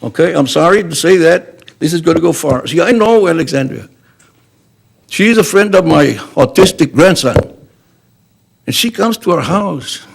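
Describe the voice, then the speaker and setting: A man's voice: a little high, expressive, normal speed, creaky, breathy edge. An older man speaking in public comment at a school board meeting, upset and emphatic, apologizing for speaking so strongly and running out of breath.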